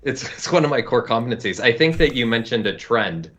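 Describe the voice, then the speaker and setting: A man's voice: mid-range voice, very animated, brisk, a bit bright, a little hiss or hum. A man co-presenting, bantering in a dry, joking way. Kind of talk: casual banter. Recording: dull lo-fi sound.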